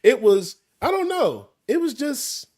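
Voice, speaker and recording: Co-host, male, high lively voice, playful and animated, dry close sound. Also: unhurried. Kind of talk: casual chat.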